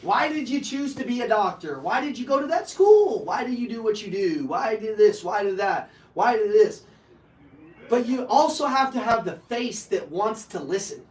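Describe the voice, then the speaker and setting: A man in his thirties giving a live sales training to an audience, loud, joking and profane, full of energy. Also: high voice, big pitch swings, normal speed. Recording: echoey room, heard from a distance.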